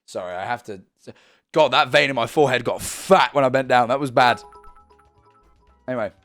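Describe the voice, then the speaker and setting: A man's voice: medium pitch, moderate pace, a bit bright, soft background music. A man in his twenties streaming from home, casually chatting and reading viewer messages in a rambling, stumbling way.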